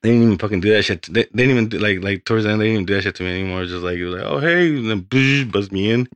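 A man's voice: on the low side, racing, no echo. A young man, a podcast guest, telling his story in a rambling, casual way with lots of swearing.

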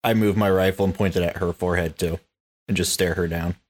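A man's voice: sits low, fairly even intonation, a little fast. A man taking part as a player in a tabletop role-playing game, talking casually.

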